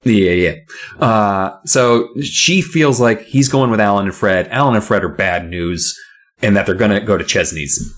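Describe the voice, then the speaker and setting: A man co-hosting a casual chat, recapping a book with jokes and quick silly voices for the characters. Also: on the low side. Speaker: podcast co-host recapping a book.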